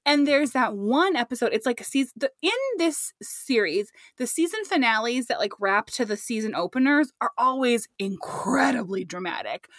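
Young woman co-host, chatty and animated, a bit high, dry close mic. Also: normal speed, hardly any pauses, no echo. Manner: chatty, animated, laughs often. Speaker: podcast co-host. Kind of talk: casual chat.

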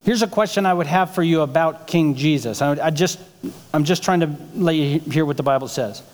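High-voiced pastor preaching in a hall. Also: male voice, brisk. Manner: conversational preaching with rhetorical questions. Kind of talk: sermon. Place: church sanctuary.

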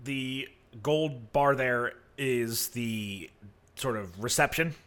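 A man's voice: medium pitch, slow pace, fairly bright tone, clear, resonant tone. A man running a tabletop game as game master, narrating casually with many fillers and restarts. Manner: casual, rambling, full of fillers.

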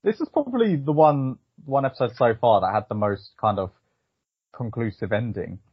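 A man's voice: mid-range voice, expressive, moderate pace, slightly rough, no room sound. A man co-hosting a podcast, musing thoughtfully about an episode in casual chat with many "you know"s. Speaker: podcast co-host. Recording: dull lo-fi, dry.

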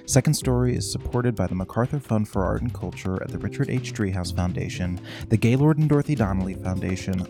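A man, the podcast's producer, reading the show credits and sponsors in a calm, even way. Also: lowish voice. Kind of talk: scripted credits read. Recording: music playing behind.

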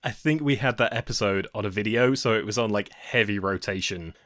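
A man's voice: fairly low pitch, brisk, a bit bright, no echo, studio quality. A young man hosting a podcast, speaking in a playful, jokey way. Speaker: podcast host. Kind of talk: podcast chat with scripted intro.

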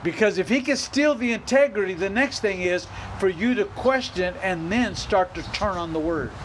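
A man's voice: high-pitched, animated, normal speed, slight background noise, rough recording. A middle-aged male pastor preaching a sermon, emphatic, repeating phrases and rising into bursts of exhortation.

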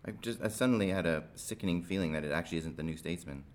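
A man's voice: deep voice, rapid-fire. A man hosting a podcast while hungover, chatting casually with self-deprecating, mumbled asides. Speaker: podcast host.

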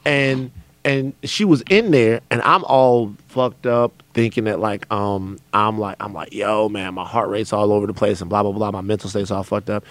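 Relaxed male podcast host. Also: lowish voice, normal speed, no room sound. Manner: relaxed storytelling, frequent short affirmations. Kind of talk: casual interview talk.

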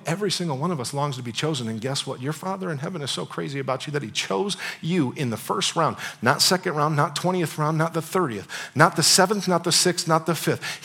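Preaching in a church, a male pastor with a slightly high, husky voice tells a personal story in a casual, animated way. He repeats phrases and keeps checking in with "you know what I'm saying."

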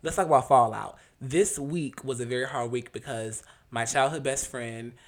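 A man's voice: mid-range voice, normal speed. A young man co-hosting a podcast, speaking frankly and reflectively in a casual chat, often restarting his sentences. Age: young adult. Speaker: podcast co-host.

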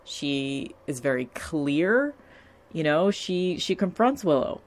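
A woman's voice: deep voice, big pitch swings, takes it slowly. A young woman talking casually and candidly about a TV show, swearing freely. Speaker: TV episode recapper. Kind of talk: casual chat.

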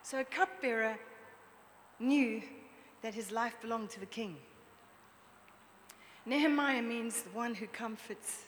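A woman preacher delivers her sermon in a church hall, her voice trailing off into a long reverb. She talks in a lively, conversational way, often turning to the congregation with questions. A faint hiss sits under the recording. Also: fairly high pitch, slow pace, pauses often. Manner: lively, chatty, draws the audience in with questions.

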